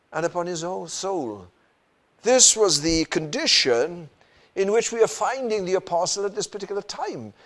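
A man preaching a sermon in an earnest manner, often asking the listeners rhetorical questions. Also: high-pitched. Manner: earnest, rhetorical questions, frequent "you know" and "isn't it".

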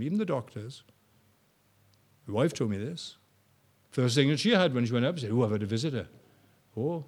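An older man preaching a sermon, shifting between soft, slow storytelling and loud, rising appeals to the congregation. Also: mid-range voice, slightly rough.

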